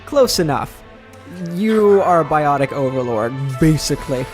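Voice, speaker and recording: Game music and sound play behind a man with a fairly high, lively voice who speaks a little slowly. He hosts a let's play, chatting casually about the video game and poking fun at himself.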